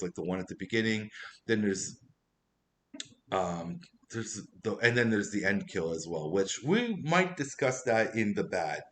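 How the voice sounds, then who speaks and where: A man's voice: on the low side, slight background noise. A man giving a casual spoken movie review, rambling and chatty with frequent asides.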